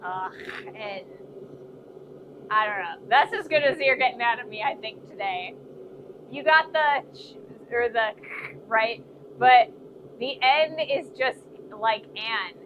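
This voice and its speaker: A high-pitched woman with a Midwestern accent talks at an unhurried pace, chatty and self-deprecating, laughing often. She is streaming live from a blacksmith workshop. A clear layer of workshop noise and passing vehicles sits under her voice. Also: highs cut off. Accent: American Midwest. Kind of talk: casual live-stream chat. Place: forge workshop.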